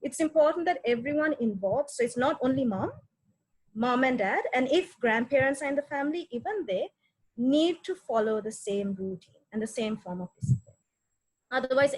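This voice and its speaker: A woman's voice: on the high side, breathy edge, rough recording. A woman giving a practical parenting webinar talk, offering example phrases and often checking in with "right?".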